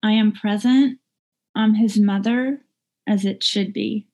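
Middle-aged woman, plain mid-pitch voice, candid halting testimony, sincere and unpolished. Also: fairly even intonation, dark tone. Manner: candid, heartfelt, halting with fillers and restarts. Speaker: recovering drinker sharing her story. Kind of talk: personal recovery testimony. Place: lives in Northern California.

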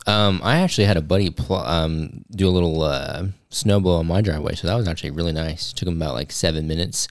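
A man co-hosting a casual chat, low-key and hesitant. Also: fast, no room sound. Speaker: co-host.

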